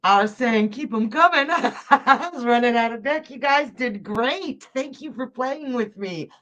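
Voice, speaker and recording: A woman from Georgia hosts a live psychic stream, chatting effusively with viewers, reading their comments and laughing often. Her fairly high, fairly bright voice has lively intonation and an unhurried pace, and the highs are cut off.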